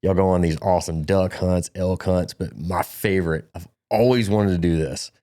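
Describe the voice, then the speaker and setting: Man, low voice, podcast host, casual chat, eager questions. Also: normal speed, warm tone.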